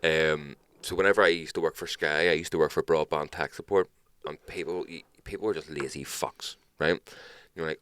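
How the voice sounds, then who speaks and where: A young man, telling sweary, animated anecdotes in casual podcast chat. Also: extremely low pitch, moderate pace, hardly any pauses, clear, resonant tone, no echo, clean studio sound. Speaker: podcast co-host.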